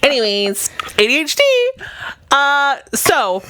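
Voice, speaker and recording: A woman's voice: sits high, takes it slowly, dry recording, studio quality. A young woman with a slight lisp, co-hosting a podcast and animatedly retelling a movie plot in casual chat. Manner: animated storytelling, acts out characters' voices. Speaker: podcast co-host.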